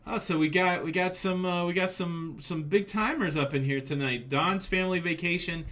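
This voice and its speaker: A man's voice: sits high, moderate pace, a bit bright. A man co-hosting a casual live stream, joking with his wife and reading out viewer comments, with a slight chest cough. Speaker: livestream co-host.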